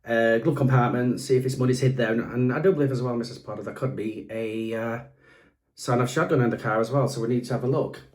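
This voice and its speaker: A man's voice: medium pitch, fairly even intonation, a little mellow, echoey room, close to an everyday voice. A man putting on the voice of a formal, stern police officer making a prank call. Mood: officious. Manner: slow, formal, official-sounding.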